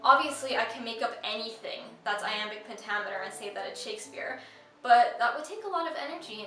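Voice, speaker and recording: A young woman hosts a casual teaching vlog in a chatty, reassuring way. Her voice is bright and a little high. She sits a bit back from the mic in an echoey room, with faint music behind her. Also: distant mic. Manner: chatty and reassuring, sing-song when reciting verse. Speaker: vlog host.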